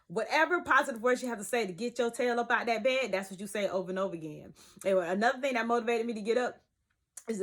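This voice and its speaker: A young woman, vlogging from her bed in an emphatic, preachy way that swings from loud to hushed. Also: medium pitch. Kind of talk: casual talk to camera. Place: bedroom, sitting in bed.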